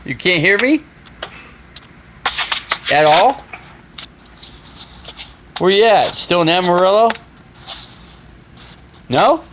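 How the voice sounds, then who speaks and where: A man live streaming from his phone, flustered and swearing as he talks in a casual, halting way. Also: high voice, big pitch swings, background noise. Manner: flustered, swearing, restarting sentences.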